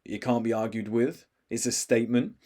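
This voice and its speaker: A man's voice: medium pitch, steady tone, moderate pace, warm tone. A man commenting on video clips as a body language coach, talking emphatically and acting out examples to his viewers.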